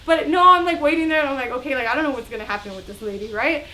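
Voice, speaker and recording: A young woman telling a story in a casual vlog, chatty and animated, acting out the other people's voices. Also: high-pitched, fast, hardly any pauses, a little hiss or hum. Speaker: vlogger.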